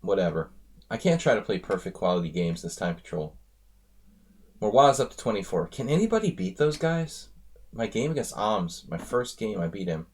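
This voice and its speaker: American guy rambling over his chess stream, kinda low voice, chatty asides. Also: big pitch swings, moderate pace. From United States. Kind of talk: live-stream commentary while playing.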